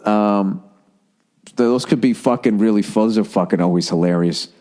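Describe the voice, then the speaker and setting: A man's voice: lowish voice, normal speed, warm tone. A middle-aged man, hosting a podcast in a casual, profane, exasperated monologue that rambles between thoughts. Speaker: podcast host.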